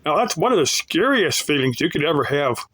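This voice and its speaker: A man's voice: fairly high pitch, sing-song, fairly quick, a bit bright, husky, poor audio. A man talking casually to his viewers in a rambling, folksy way, often restarting his sentences. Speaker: YouTuber answering viewers. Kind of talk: casual off-the-cuff talk.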